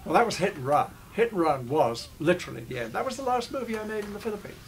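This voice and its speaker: In a reminiscing interview, an older actor digresses through memories of old shoots, often breaking off and restarting his sentences. His voice sits high, sing-song and gravelly, with slight background noise.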